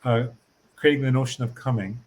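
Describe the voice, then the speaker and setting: A man at an ordinary pitch who hosts a casual podcast. He asks eager, curious questions and often restarts his sentences while he works them out. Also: brisk, a little hiss or hum. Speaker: podcast host and learner.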